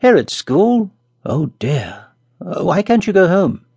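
A man putting on a boy's voice for a storybook, eager and full of brag, pitched well above his own and pushed bright. The voice underneath stays gravelly and a little husky, recorded dry and close. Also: a little fast, no echo. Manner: excited, high and bright. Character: boastful eager schoolboy Bertie.

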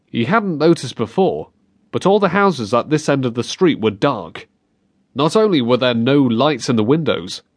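A man reading a novel aloud as an audiobook narrator, in measured, expressive storytelling. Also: mid-range voice. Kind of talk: scripted narration. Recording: dry close studio sound.

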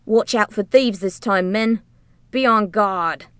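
A woman voicing a greedy, blustering male tax collector in an audiobook, loud and barking orders. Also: mid-range voice, normal speed, clear, resonant tone, dry recording, natural voice. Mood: commanding.

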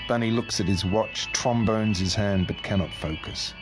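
A man narrating a literary novel as an audiobook in a steady, dry manner. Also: on the low side, moderate pace, few pauses, soft background music.

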